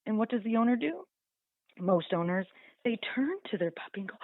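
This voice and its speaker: A woman's voice: on the high side, lively intonation, quick pace, no room sound. Chatty woman on a tinny phone line. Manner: chatty, many "you know" fillers, acts out dogs and owners. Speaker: dog trainer guest. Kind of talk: casual radio interview.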